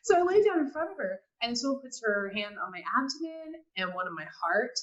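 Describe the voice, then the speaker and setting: A woman telling a personal story in casual talk, animated, acting out quotes and often laughing. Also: a little high, fairly quick, dull audio. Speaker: guest.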